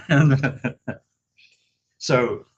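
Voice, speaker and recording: A man hosting a casual video, laughing often and slowly dictating his words as he types. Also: mid-range voice, muffled recording, a little hiss or hum. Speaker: video host. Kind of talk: casual chat while typing.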